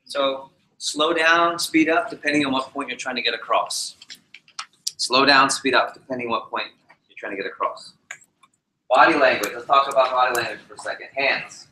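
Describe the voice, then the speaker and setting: Bright-voiced man coaching a live room. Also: brisk, slight background noise. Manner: animated, varies speed and pitch to demonstrate points. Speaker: public speaking trainer. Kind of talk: energetic presentation to a live group. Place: meeting room with a live audience. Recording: roomy echoey hall.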